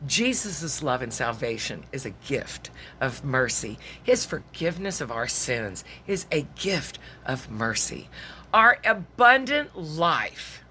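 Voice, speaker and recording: A woman's voice: very deep voice, very animated, takes it slowly, pushed and bright, a little hiss or hum. A woman, preaching a sermon as a folksy, conversational story and dropping to near-whispers for emphasis.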